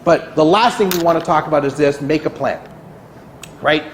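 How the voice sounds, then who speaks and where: Man, motivational speaker, fairly high voice, echoey meeting room, faint room hum. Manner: energetic, acts out anxious clients in quick high bursts; peppers talk with "right?". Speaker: guest speaker at a realty kickoff meeting. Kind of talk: motivational presentation.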